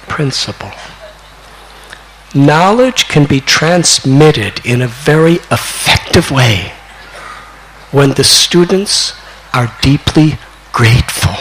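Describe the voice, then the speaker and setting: An older man in his sixties gives a devotional storytelling lecture, taking his time over every phrase. His voice sits at an ordinary middle pitch. He now and then rises into bursts of excitement. A faint hiss runs underneath. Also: low-quality recording. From United States. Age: 60s. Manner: slow, deliberate, rising to excited peaks when retelling. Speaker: spiritual teacher.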